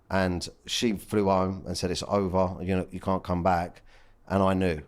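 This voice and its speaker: A deep-voiced man talks openly as a podcast guest. His delivery is blunt, emotional and full of casual swearing, with a low pitch throughout. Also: level tone, moderate pace, hardly any pauses. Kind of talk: candid casual chat.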